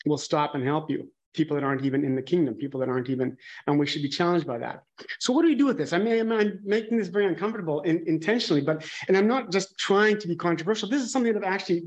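Candid man preaching a conversational sermon. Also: fairly high pitch. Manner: candid, musing, thinks aloud with frequent restarts.

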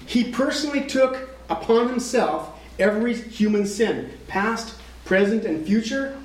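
A male preacher with a high voice delivers a dramatic sermon. He sinks to a hush and then climbs toward a shout. The sound carries the echo of a roomy hall. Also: animated, unhurried. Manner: dramatic, swings from hushed to shouting.

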